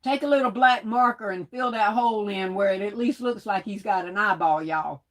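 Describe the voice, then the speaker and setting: A woman's voice: mid-range voice, moderate pace. Lady on a craft livestream, teasing and laughing, reading out the chat. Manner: teasing, playful, laughs often, folksy slang.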